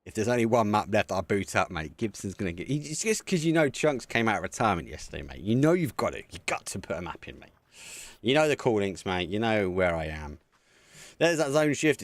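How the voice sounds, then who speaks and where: Lively, chatty man casting esports. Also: on the low side, dry recording. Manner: chatty, excitable, talks to viewers. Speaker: esports caster. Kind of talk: live community game commentary.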